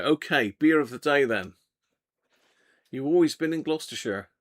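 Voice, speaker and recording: Chatty man, gravelly voice. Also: medium pitch, a bit bright. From Devon, England. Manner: chatty, jokey, reads out viewer comments. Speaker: livestream host. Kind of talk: casual live chat. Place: home radio workshop.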